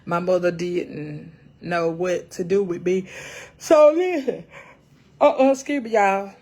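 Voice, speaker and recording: A woman's voice: lowish voice, takes it slowly, darkish tone. A middle-aged woman hosting a casual cooking livestream, folksy and salty, calling her viewers baby and honey.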